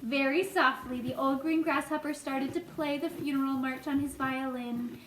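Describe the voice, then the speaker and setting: A woman reading a children's book aloud in a gentle, expressive way. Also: sits high, normal speed. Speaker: storyteller. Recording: echoey room, faint noise.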